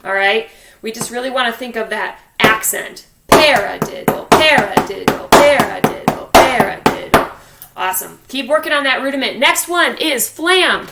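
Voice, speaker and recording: High-voiced woman coaching drum practice. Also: moderate pace, echoey room, very noisy. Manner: encouraging, counts aloud and coaches step by step. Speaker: music teacher. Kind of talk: online drum lesson for children. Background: drumstick clicks on a practice pad.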